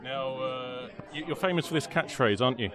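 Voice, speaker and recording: A man's voice: medium pitch, fairly quick. A man interviewing a guest for radio with brief, friendly prompting questions, a little off-mic. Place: outdoor launch event. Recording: busy crowd behind. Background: crowd chatter.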